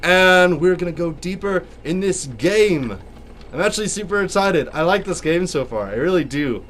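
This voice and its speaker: A man's voice: high voice, animated, moderate pace, a bit bright, slight background noise. A young man with a sore throat giving jokey, theatrical let's play commentary as a gaming YouTuber.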